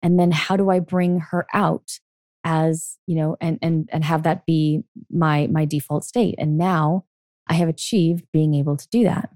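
Middle-aged woman, low warm voice, earnest podcast coach, dry close recording. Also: steady tone, measured pace, no room sound. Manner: earnest, coaching tone, frequent "okay?" check-ins. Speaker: podcast host and life coach. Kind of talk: solo podcast monologue.

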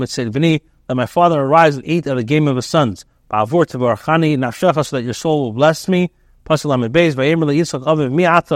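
A man with a somewhat high voice reads a text aloud and translates it phrase by phrase, often stopping to restart a word. The sound is dry and close, with no room around it. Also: dry recording. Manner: halting, with frequent restarts and fillers. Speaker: rabbi teaching Torah.

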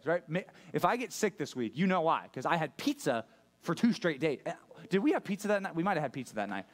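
A man's voice: fairly high pitch, sing-song, brisk. A man preaching a sermon as pastor, conversational and joking, asking the room questions. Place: church room with a live audience.

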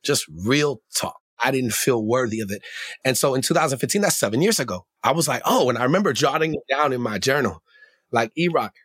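Animated, slangy man on a podcast. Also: medium pitch, fairly quick, breathy edge, no room sound, studio quality. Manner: animated, slangy, laughs often, acts out his own voice. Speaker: podcast guest. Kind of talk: casual conversation.

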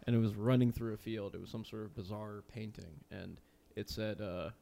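A man's voice: on the low side, steady tone, normal speed, creaky, dark tone. A man co-hosting a podcast in casual chat, crude and joking, rambling on a studio mic. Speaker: podcast co-host. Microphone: studio mic with headphones.

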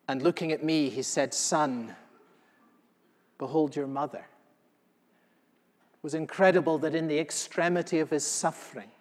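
A male pastor playing the apostle John in a first-person sermon, telling what he saw with earnest feeling, moving between hushed and loud passages. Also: fairly high pitch, natural voice. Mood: solemn. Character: the elderly apostle John, solemn eyewitness. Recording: long reverb of a large hall.

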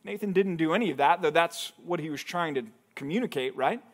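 A male pastor with a higher-than-usual voice leads a Bible study in a relaxed, conversational way. He keeps asking his listeners questions and acts out the lines he quotes. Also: a little fast. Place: church hall.

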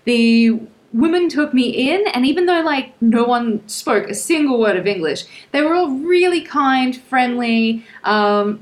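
A young woman co-hosts a travel podcast in a friendly, chatty way, her voice sitting a little high. She laughs easily and keeps the talk casual while recording outdoors. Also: expressive, measured pace, few pauses. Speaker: podcast co-host. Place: outdoors at a seaside fort.

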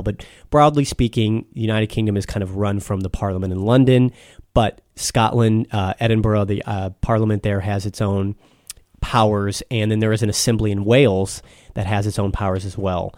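A man's voice: lowish voice, steady tone, a little fast, darkish tone, no echo, clean studio sound. An American man explaining things patiently in a casual chat, with frequent restarts. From United States.

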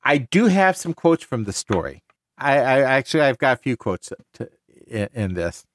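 A man's voice: mid-range voice, very animated, moderate pace, no echo, clean studio sound. A man hosting a casual book discussion podcast, talking with enthusiasm and often restarting his sentences. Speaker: podcast host.

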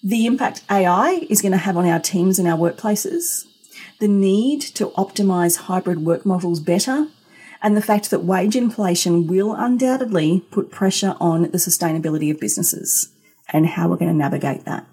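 A woman's voice: lowish voice, expressive, moderate pace, dark tone, husky. A middle-aged woman hosting a solo business podcast, talking in an emphatic, conversational way with rhetorical questions. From Australia. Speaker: podcast host.

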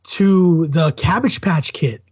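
Casual podcast co-host, high-pitched husky man, easygoing and reactive. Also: takes it slowly, a little mellow, dry recording, muffled recording. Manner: reactive, says dude. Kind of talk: casual chat.

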